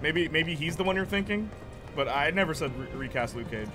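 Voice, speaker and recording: A man's voice: on the high side, lively intonation, brisk. A young man streaming a video game, rambling casually and answering chat, laughing often. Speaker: gaming streamer. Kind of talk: casual chat while playing. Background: game music.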